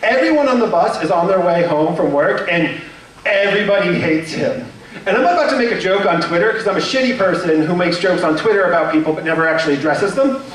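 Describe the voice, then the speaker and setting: A man's voice: high voice, lively intonation, quick pace, fairly bright tone, a little hiss or hum. Nervous young male stand-up comic, echoey room. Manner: nervous, self-deprecating storytelling with many fillers. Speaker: stand-up comedian. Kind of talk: stand-up comedy set. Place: comedy club stage. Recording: echoey room, mic heard from a distance.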